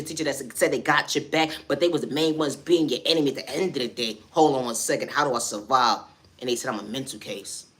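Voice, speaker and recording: A man's voice: mid-range voice, a bit bright. A man delivering spoken-word poetry on a vlog, circling back on refrains like "at the end of the day" and "I say that respectfully.". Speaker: vlogger.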